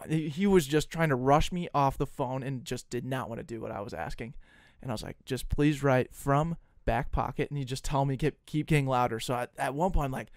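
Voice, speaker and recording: A young man co-hosting a podcast in casual chat, telling a story with lively acted-out phone calls. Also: mid-range voice, a little fast, few pauses, no echo, clean studio sound. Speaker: podcast co-host.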